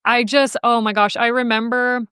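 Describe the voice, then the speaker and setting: A woman's voice: fairly high pitch, flat delivery, moderate pace, a bit bright, clean tone, no room sound, studio quality. A woman guest in a casual podcast interview, telling a personal story in a chatty, emotional way and mimicking the voices of others. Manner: chatty and emotional, quotes people in playful voices. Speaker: podcast guest, animal welfare researcher.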